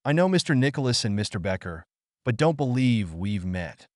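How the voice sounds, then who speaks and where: A man's voice: mid-range voice, sing-song, moderate pace, a little mellow, dry recording, studio quality, natural voice. A man voicing a busy chef and father in an audiobook. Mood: brisk. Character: British chef, adult man, harried father.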